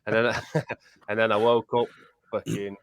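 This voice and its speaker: A man's voice: on the low side, little pitch movement, unhurried, dry recording. Laughing, swearing man telling a story. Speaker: podcast co-host. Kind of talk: casual chat.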